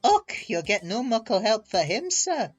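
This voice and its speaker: A man's voice: sits high, sing-song, measured pace, breathy edge, soft background music, pitched above the performer's own voice, full character voice. A man voicing a pair of cheeky twin engines with a sly, lilting Scottish accent.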